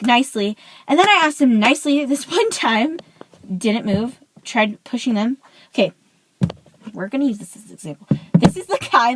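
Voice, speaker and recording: A teenage girl vlogger with a high voice rants casually about something that happened at school, saying "like" in nearly every phrase. She's chatty and animated, and there's noise in the background.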